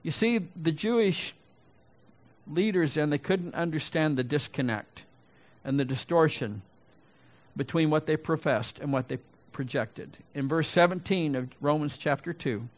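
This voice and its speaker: A man's voice: on the high side, moderate pace. Folksy storytelling male preacher. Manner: folksy storytelling, rhetorical questions. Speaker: pastor. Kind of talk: sermon with personal story.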